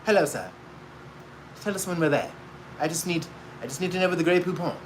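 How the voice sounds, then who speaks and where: A man putting on a prim, soft-spoken wealthy passenger who fusses over his mustard. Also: a little high, fairly quick, a little hiss or hum, pitched below the performer's own voice, close to an everyday voice, rough recording. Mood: prissy.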